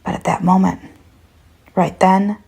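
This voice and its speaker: Gravelly, husky woman narrating horror. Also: lowish voice, level tone, measured pace, dark tone. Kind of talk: first-person horror story reading.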